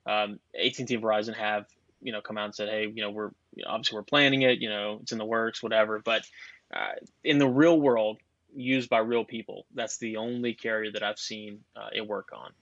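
A man's voice: on the low side, fairly even intonation, a little fast, a bit bright, no echo. Man talking over dull lo-fi audio. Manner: rambling, explanatory, with many fillers and restarts. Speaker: guest expert on cell networks. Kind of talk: casual podcast chat.

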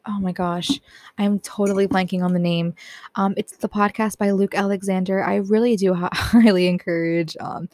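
Teenage girl, soft and earnest. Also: mid-range voice, gravelly, no room sound. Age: teens. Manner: earnest, self-deprecating, laughs often, soft-spoken. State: tired and teary. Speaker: podcast host. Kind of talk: personal reflective talk.

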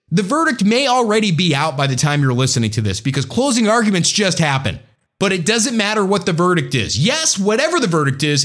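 Animated man hosting political commentary. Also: high voice. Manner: animated, sarcastic asides. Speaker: podcast host.

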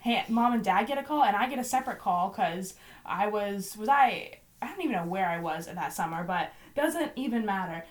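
A woman's voice: mid-range voice, expressive, normal speed. A young woman in her twenties co-hosting a podcast in casual chat, with a wry, teasing manner. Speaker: podcast co-host.

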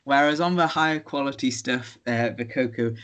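Young man, co-host, casual chat, easygoing, thoughtful, mid pitch. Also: normal speed, noisy background. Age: young adult. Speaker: podcast co-host.

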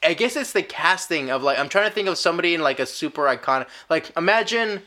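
Bright-voiced man musing on a podcast. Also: a little high, lively intonation, quick pace. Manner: musing, tangent-prone, chuckling. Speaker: podcast host. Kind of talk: casual chat.

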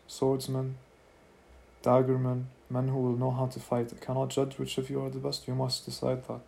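A man voicing a blunt, proud warrior leader with a gruff, commanding way of speaking. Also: mid-range voice, dark tone, a little hiss or hum, close to an everyday voice.

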